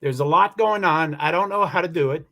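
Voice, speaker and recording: A man with a slightly higher voice hosts a casual livestream over a computer mic. He rambles and restarts his sentences as he answers viewer comments, upset and close to tears. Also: a little fast, a bit bright. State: emotional, near tears. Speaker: livestream host. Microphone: computer mic for a live stream.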